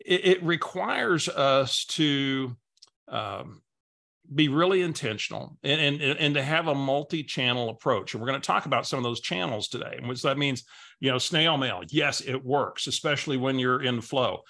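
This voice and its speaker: A man's voice: mid-range voice, normal speed, vocal fry, sharp tone. A man coaching through a webinar, telling a story in a conversational way and often repeating words as he goes. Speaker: business coach.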